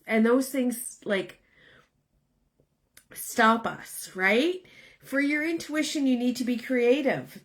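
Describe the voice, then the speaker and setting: Chatty tarot woman, rambling "right?". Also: high-pitched. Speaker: tarot reader. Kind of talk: casual live chat to viewers.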